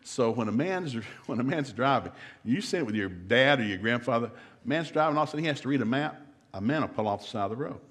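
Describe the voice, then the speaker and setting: A man's voice: mid-range voice, expressive, fast talker, fairly bright tone. Middle-aged guy doing a funny marriage seminar, folksy, jokey, acts out couples talking. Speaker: guest seminar speaker. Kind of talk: humorous marriage seminar talk.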